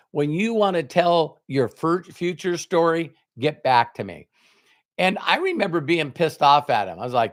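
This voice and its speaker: Slow-talking man telling a motivational story. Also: on the high side. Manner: slow, emphatic storytelling with quoted dialogue. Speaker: motivational speaker.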